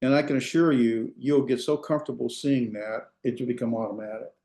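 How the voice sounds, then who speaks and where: A man's voice: medium pitch, steady tone, fairly quick, mellow, reverberant. A male instructor giving an online class lecture, patient and step by step, often checking in with "right?" and quizzing his students.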